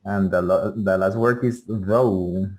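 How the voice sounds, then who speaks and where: A man's voice: low-pitched, fairly even intonation, a little mellow. Patient male English teacher on a call. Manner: patient, models words slowly for repetition. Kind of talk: pronunciation drills in an online class.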